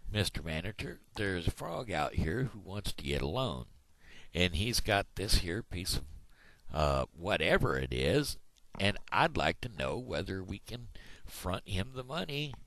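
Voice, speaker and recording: Brief: man playing a polite, unsure clerk, slow and gravelly. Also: low voice, big pitch swings, fairly bright tone, dry recording, full character voice. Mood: puzzled. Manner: hesitant, polite. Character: puzzled polite male bank clerk.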